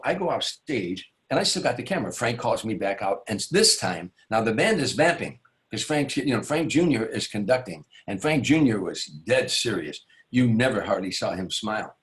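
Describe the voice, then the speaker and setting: This interview guest, a stand-up comedian, has a fairly low, fairly bright voice with a sing-song lilt at normal speed. He tells a long showbiz anecdote in a rambling way, restarting sentences, adding asides and playing the people he describes.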